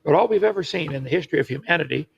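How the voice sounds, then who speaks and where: A man's voice: fairly high pitch, animated, very fast, vocal fry, lo-fi sound, a little hiss or hum. A man lecturing assertively in an old recorded clip. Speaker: creationist speaker.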